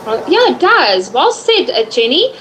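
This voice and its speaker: High-voiced encouraging woman teacher. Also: sing-song, a little slow, a bit bright, slight background noise, rough recording. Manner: encouraging, praising student. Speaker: English teacher. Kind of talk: online tutoring session.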